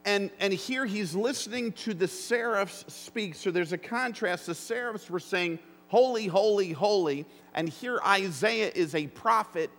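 A man preaching a sermon as pastor, earnest and emphatic, with deliberate phrasing. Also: high-pitched, creaky, pushed and bright. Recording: long reverb of a large hall.

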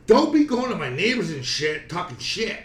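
A middle-aged man tells a story in a lively, swinging voice, cursing at every turn and circling back to the same lines. He sits back from the mic in a roomy space, with a faint hiss of noise behind him. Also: high-pitched, normal speed, far from the mic. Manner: swears constantly, repeats himself. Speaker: podcast co-host. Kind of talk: profane storytelling chat.

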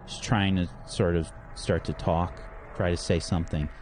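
A man's voice: low-pitched, steady tone, normal speed, a little mellow, a little hiss or hum. A man narrating a tabletop game as game master, in a loose, hedging way.

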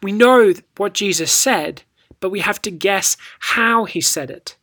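A teacher delivers a scripted devotional talk at a medium pitch. The delivery is storytelling and rhetorical, and reads scripture passages with expressive inflection. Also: measured pace. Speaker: Bible teacher.

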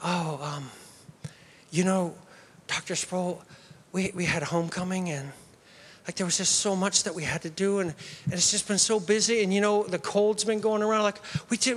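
A man's voice: fairly bright tone, long reverb tail. A man voicing pleading young college students, whining and begging for more time on their papers. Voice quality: high whiny pleading voice.

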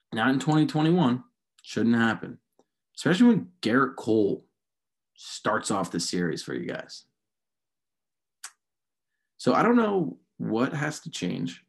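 A young man hosting a casual sports podcast, his voice sitting a little low. He rants with frustration and rambles, restarting his sentences as he works himself up. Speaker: podcast host.

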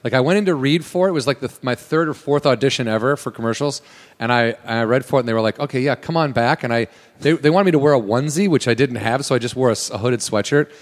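A man telling a rambling story in a loose, profane way, slipping into other people's voices as he quotes them. His voice sits at a middle pitch. It has a long hall-like reverb around it. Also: fast talker. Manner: animated, swears, acts out quoted voices. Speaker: guest actor. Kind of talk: casual storytelling chat.

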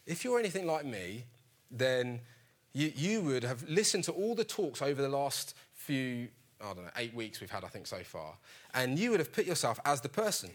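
A man's voice: mid-range voice, big pitch swings, moderate pace. A man preaching a sermon in an earnest, conversational storytelling manner.

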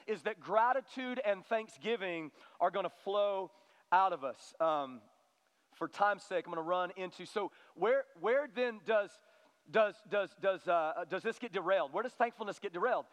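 A man's voice: sits high, fairly bright tone. A middle-aged male pastor preaching a sermon in a conversational way, often calling on the congregation to respond. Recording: long hall reverb.

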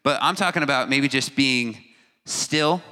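A man's voice: medium pitch, a little slow, bright, forceful tone. A man giving a casual, joking talk to a teen audience, acting out reactions and stumbling over long words. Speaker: youth speaker. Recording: hall reverb.

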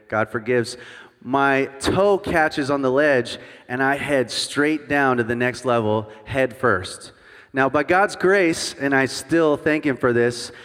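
A man in his thirties delivers a sermon as a guest worship pastor, mixing personal stories with self-deprecating jokes for the congregation. His voice sits at a middle pitch, and a long reverb from the large church hall trails his words. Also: fairly bright tone. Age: 30s. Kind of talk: sermon with humorous storytelling. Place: church sanctuary before a congregation.

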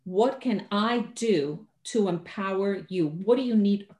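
A Puerto Rican woman hosting a podcast, telling stories in an animated, emotional way. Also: medium pitch, measured pace, roomy sound. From Puerto Rico. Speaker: podcast host. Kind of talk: casual interview talk.

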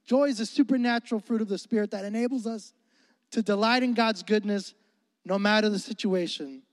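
High-voiced animated man preaching. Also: a little fast, no echo, big-room sound. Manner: animated, joking, calls for congregation responses. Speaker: pastor. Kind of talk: sermon.

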